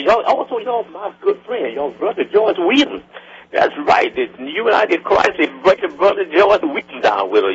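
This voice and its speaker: An older man, a gospel singer, gives a folksy, animated spoken invitation to a concert and keeps calling out to his listeners. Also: fairly high pitch, breathy edge. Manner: folksy and animated, calls out "y'all" constantly. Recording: dull lo-fi recording.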